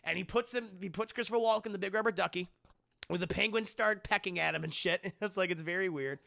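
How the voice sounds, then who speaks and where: A man recapping a film scene by scene for a live stream, animated and profane, acting out the characters. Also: sits high, quick pace, vocal fry.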